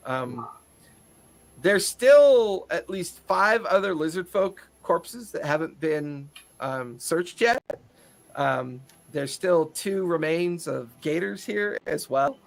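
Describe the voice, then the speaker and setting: A man's voice: on the high side, animated, takes it slowly, vocal fry. A man narrating a tabletop game as game master, loose and laughing often.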